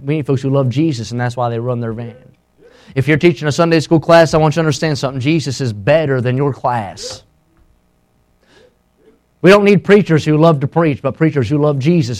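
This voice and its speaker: A middle-aged man preaching a sermon as a pastor, impassioned and swinging between loud and hushed. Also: mid-range voice.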